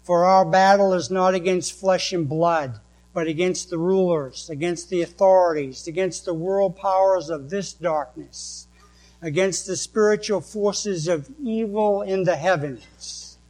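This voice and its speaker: New england guy preaching, slow careful scripture reading, slightly high voice, low hum behind. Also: a little mellow, low-quality recording. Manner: slow, deliberate reading of verses. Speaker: pastor.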